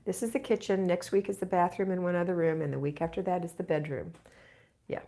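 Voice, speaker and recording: A middle-aged woman with a lowish, warm, creaky voice talks fast with fairly even intonation. She hosts a home organizing channel and is reading viewer comments aloud on a live Q&A, replying with chatty encouragement.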